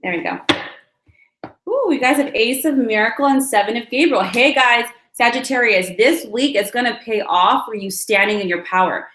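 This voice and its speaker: A woman giving a weekly tarot and astrology reading, chatty and reassuring, talking straight to her viewers. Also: on the high side. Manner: animated with quick asides and many fillers. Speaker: tarot reader. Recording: echoey room.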